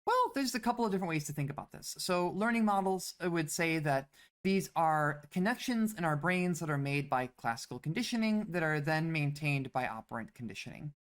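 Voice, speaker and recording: Low-voiced woman giving a psychology lecture. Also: expressive, a little fast. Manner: explanatory, with fillers and restarts. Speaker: psychology instructor. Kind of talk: recorded lecture.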